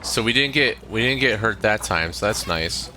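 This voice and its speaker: A man giving casual, relaxed commentary while he plays a video game. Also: lowish voice, faint music behind. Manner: slow, relaxed, chatty. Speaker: gameplay host.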